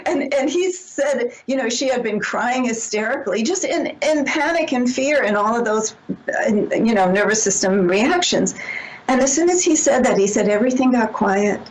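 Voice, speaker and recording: A woman's voice: on the high side, expressive, normal speed, poor audio. A woman guest on a radio interview, telling stories earnestly and often restarting her sentences. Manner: earnest storytelling with frequent restarts. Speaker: author and guest.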